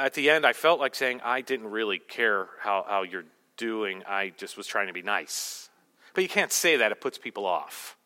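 A man's voice: medium pitch, pushed and bright, big-room sound. A male pastor preaching a sermon in a conversational way with self-deprecating humor.

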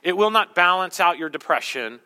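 Male pastor, fairly high, bright voice, conversational sermon with jokes, long hall reverb. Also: expressive, normal speed, clean tone. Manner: conversational, self-deprecating humor.

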